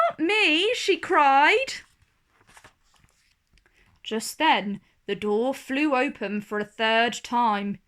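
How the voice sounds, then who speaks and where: Slow, expressive woman reading a story. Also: medium pitch, smooth. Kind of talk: children's story read-aloud.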